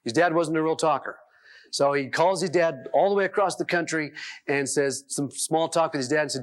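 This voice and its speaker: Male seminar speaker with a slightly high voice, animated storyteller who acts out his anecdotes. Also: normal speed. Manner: chuckles between sentences. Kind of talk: storytelling self-help talk.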